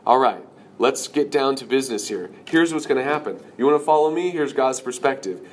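A man's voice: mid-range voice, lively intonation, a little fast, a little hiss or hum, close to an everyday voice. A man preaching who voices a blunt, earnest male teacher challenging his followers.

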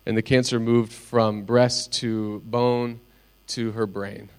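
A man's voice: on the low side, level tone. Earnest middle-aged man preaching. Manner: earnest, personal storytelling with pauses. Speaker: pastor. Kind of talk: sermon.

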